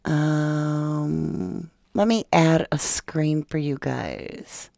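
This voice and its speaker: A woman's voice: low-pitched, steady tone, extremely slow, vocal fry, dark tone, no room sound, clean studio sound. A woman hosting a true crime podcast in a casual, chatty way, talking straight to her viewers and reading a document aloud.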